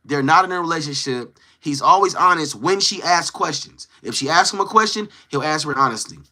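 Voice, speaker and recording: Brief: slangy male storyteller, voice a bit high, sharp and forceful, acts out others' lines. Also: lively intonation, brisk. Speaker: live-stream host. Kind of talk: casual storytelling.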